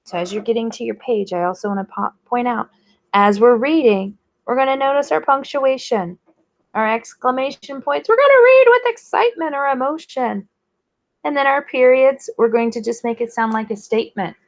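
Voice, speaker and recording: A woman teacher leading an online reading lesson for young children, sounding out letters clearly and praising her readers. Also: a little high, moderate pace. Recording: dull lo-fi recording.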